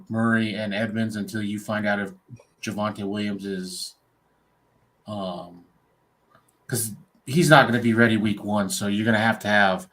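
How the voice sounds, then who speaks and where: A man's voice: on the low side, a bit bright. A man on a sports chat panel, plain-spoken and opinionated.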